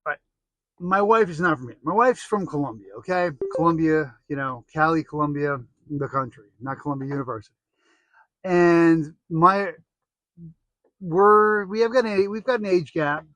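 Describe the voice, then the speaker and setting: A man's voice: fairly high pitch, normal speed, fairly bright tone, dry recording, low-quality recording. A middle-aged American man telling rambling, jokey stories in a casual monologue, full of restarts and asides. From United States.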